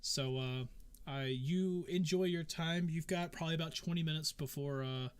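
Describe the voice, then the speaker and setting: A man voicing a friendly, polite male tournament worker who talks hesitantly, full of pauses and filler words. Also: fairly high pitch, clean tone, dry recording, natural voice.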